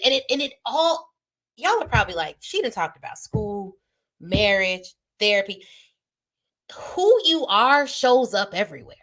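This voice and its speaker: A woman in her thirties gives a motivational talk on a live stream in a bright, forceful voice. She talks straight to her viewers with a preacher-like rhythm, pressing each point home. Her pitch sits a little above the usual for a woman. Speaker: business coach and show host. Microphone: phone or webcam on a live stream.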